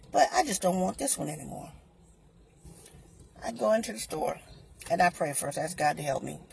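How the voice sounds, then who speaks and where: A woman on her own vlog telling a customer service story in an animated way, acting out both sides of each exchange. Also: fairly low pitch, vocal fry, a little hiss or hum. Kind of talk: storytime vlog, recounting an argument.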